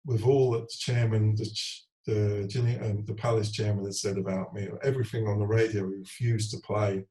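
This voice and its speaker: A man in his forties speaks candidly in an interview, going back over his career as a footballer. His voice sits a little low and sounds mellow and dark. He tells it earnestly and slips into other people's voices as he quotes them. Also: little pitch movement, fairly quick, rough recording.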